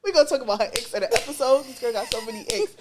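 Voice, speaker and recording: Podcast co-host lady, kinda high voice, loose casual chat, laughs a lot, curses a bunch. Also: rapid-fire, crowd noise. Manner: animated, laughs often, swears casually.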